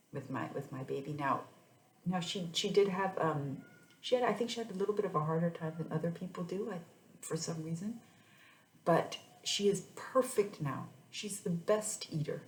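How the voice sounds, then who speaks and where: Chatty mother with a low voice. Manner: chatty, rambling with many restarts. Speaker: mother sharing her story. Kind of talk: casual personal vlog. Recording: echoey room.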